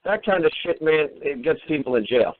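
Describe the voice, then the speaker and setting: A man's voice: fairly high pitch, lively intonation, a little fast. A man hosting a call-in talk show, scolding a caller in a profane, sarcastic way. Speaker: host. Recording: phone-quality radio audio.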